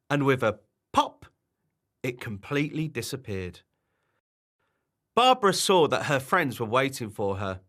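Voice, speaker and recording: A man reading a children's bedtime story aloud, in an animated and expressive way. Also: mid-range voice, measured pace, pauses often.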